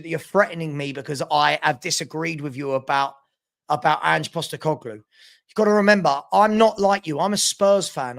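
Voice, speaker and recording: Gravelly London man hosting live football chat. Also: fairly high pitch, a bit bright. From South London. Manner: blunt, repetitive, scolding chat commenters. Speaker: live show host.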